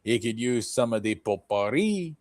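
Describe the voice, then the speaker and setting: A man's voice: mid-range voice, big pitch swings, moderate pace, darkish tone, dry recording. A man hosting a casual reaction stream, profane and joking, laughing often. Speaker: host.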